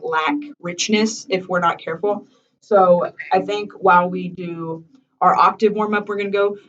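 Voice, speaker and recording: A woman's voice: mid-range voice, muffled recording. Woman coaching a singing lesson, far-off mic. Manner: encouraging, chatty, demonstrates by singing. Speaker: voice teacher.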